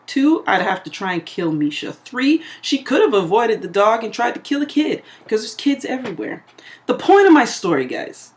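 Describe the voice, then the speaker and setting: A woman vlogger telling a story in a casual, animated way, laughing often and acting out what people said. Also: medium pitch.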